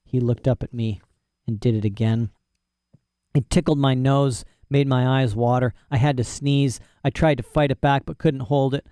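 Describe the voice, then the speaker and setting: Male audiobook narrator, folksy and boastful, plain mid pitch, dry close sound. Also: fairly even intonation, normal speed, mellow, no room sound. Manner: folksy, boastful, rural dialect grammar. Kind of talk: first-person storybook narration.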